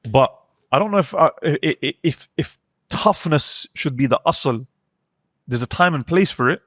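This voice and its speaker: A man's voice: fairly high pitch, lively intonation, normal speed, fairly bright tone, no echo, clean studio sound. A man in his thirties who speaks thoughtfully and hesitantly in a casual podcast chat, often restarting his words. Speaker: podcast co-host.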